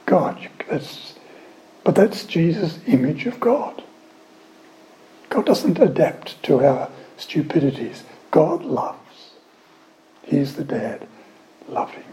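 A man giving a sermon, telling a scripture story with lively, conversational asides and questions to the listeners. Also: a little high, takes it slowly, low-quality recording. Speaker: preacher.

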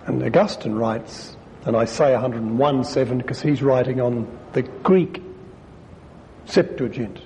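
A man, a priest giving a conversational sermon with wry asides, reading quotations aloud and rising in pitch for emphasis. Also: measured pace, a little mellow. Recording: long hall reverb, faint low rumble.

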